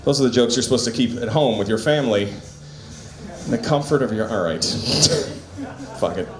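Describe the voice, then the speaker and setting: A man's voice: mid-range voice, quick pace, a crowd in the background. A man doing an open-mic stand-up set in a small bar, loose and casual, laughing at his own jokes, on a handheld mic. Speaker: stand-up comic. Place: small comedy bar stage. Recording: echoey bar room.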